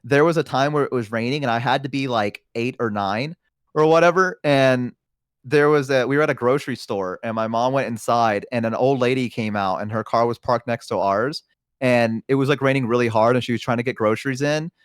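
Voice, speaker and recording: A man's voice: medium pitch, a little fast, clean tone, no echo, clean studio sound. A young man with a Southern US accent, a streamer hosting a casual livestream chat and telling stories in a rambling, hesitant way full of fillers. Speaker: streamer host.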